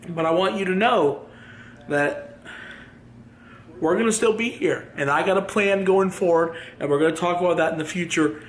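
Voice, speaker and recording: Grieving vlogger man, halting and heartfelt, voice a bit high, light hiss behind. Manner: halting, grief-stricken. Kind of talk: emotional farewell vlog.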